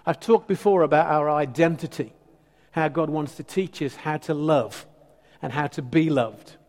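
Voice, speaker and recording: A male preacher delivers a sermon in a conversational, teasing style with emphatic turns. His voice sits fairly high for a man. The sound carries a long reverb from a church hall. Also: normal speed, darkish tone.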